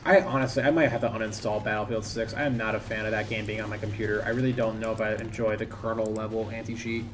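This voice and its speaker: A man's voice: fairly low pitch, level tone, fast talker, hardly any pauses, background noise. A young man casually chatting while he plays a game on stream, rambling and self-critical, often trailing off. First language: English. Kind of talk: casual commentary while gaming.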